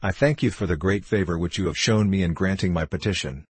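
A man's voice: low-pitched, fairly quick, husky, no echo. A man reading a composed, formal stranger. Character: cool mysterious male stranger, composed and formal.

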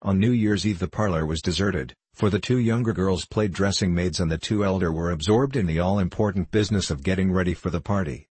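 Male narrator, very low and slightly husky, even delivery, dry studio sound. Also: fairly quick, few pauses, no echo. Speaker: audiobook narrator. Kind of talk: scripted narration.

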